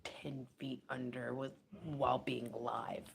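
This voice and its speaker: A woman giving a casual psychic reading aloud, talking loosely and swearing, moving between hushed murmurs and excited bursts. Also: rumbling low, measured pace, creaky, background noise. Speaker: psychic reader. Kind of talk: casual spoken card reading.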